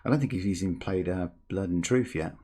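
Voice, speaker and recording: A man hosting a gaming channel, ranting in rambling, animated commentary with many restarts. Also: low-pitched, fairly quick, husky.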